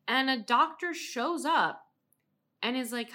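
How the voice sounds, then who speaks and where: A woman co-hosting a podcast, chatting casually about a book, animated and swearing freely as she acts out her reactions. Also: high voice, slow. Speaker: podcast co-host. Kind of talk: casual book-review chat.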